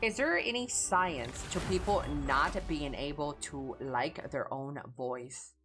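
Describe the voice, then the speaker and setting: A woman's voice: low-pitched, slow, music in the background. A woman streamer with a Chicano English accent, chatting casually, blunt and profane.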